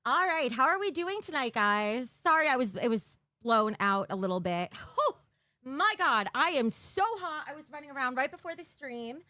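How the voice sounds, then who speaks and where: A high-pitched woman streams live from her bedroom on a desk mic, chatting and giggling with viewers. Her voice is dry and close, with no room echo at all. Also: expressive, normal speed, bright, forceful tone. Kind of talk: casual live-stream chat.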